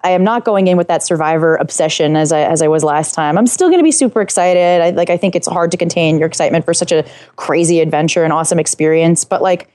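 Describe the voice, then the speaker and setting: A woman interview guest chatting excitedly, rambling with lots of fillers and restarts. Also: on the low side, quick pace, few pauses, no echo, clean studio sound. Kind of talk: casual interview chat.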